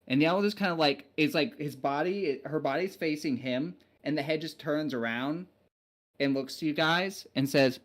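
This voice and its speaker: A man's voice: mid-range voice, moderate pace. A man narrating a tabletop game as game master, casual and rambling with many fillers.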